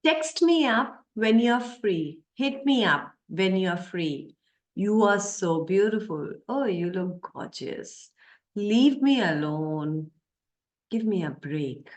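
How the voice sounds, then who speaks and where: A woman teaching an English lesson, pausing often with "uh" as she reads out example phrases. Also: mid-range voice, lively intonation. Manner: slow, with many "uh" pauses, reading out example phrases.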